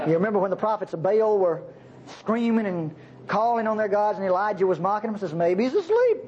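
A man preaching a sermon, teaching the Bible in a folksy, chuckling way. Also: high-pitched. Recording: dull lo-fi sermon recording.

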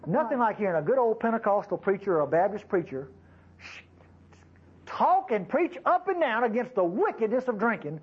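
Male pastor, high and animated, preaching in a chatty, folksy way; slightly dull recording. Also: moderate pace, breathy edge. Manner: folksy, conversational preaching with asides to the congregation. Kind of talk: sermon.

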